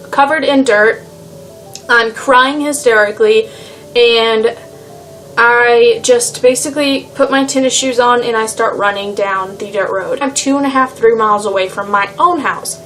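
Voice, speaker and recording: Chatty young woman, high voice. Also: a bit bright. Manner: rambling, lots of "like" and "um". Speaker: vlogger. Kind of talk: casual storytime vlog.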